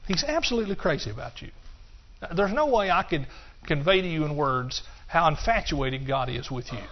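A man's voice: fairly high pitch, expressive, moderate pace, slight background noise. A middle-aged man preaching a sermon, breaking into song and calling out to his congregation. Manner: bursts into song and laughter, calls out to the congregation. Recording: dull, muffled recording.

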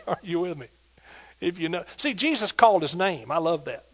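A man's voice: high-pitched, moderate pace, highs cut off. A man preaching a sermon with emphatic delivery, repeatedly calling out to his congregation for agreement.

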